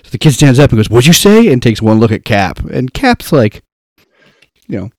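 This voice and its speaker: A young man chatting casually with friends, telling an animated story and acting out the quotes. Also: medium pitch, normal speed, no echo, clean studio sound. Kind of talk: casual chat.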